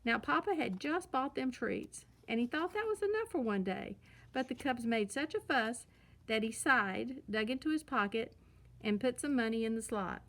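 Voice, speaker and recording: Female storyteller reading aloud for children, clear and expressive, slightly high voice. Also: moderate pace.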